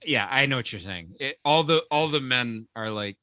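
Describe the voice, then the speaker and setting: A man's voice: medium pitch, lively intonation, moderate pace, bright, forceful tone, no room sound. A man co-hosting a casual movie review podcast, chatty, laughing easily and restarting his sentences. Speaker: podcast co-host.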